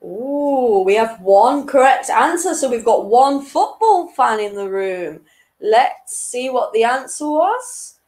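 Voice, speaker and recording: A woman's voice: a little high, normal speed, a little mellow, low-quality recording. Giggly young woman hosting a quiz. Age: 20s. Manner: giggly, chatty, self-deprecating. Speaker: quiz host.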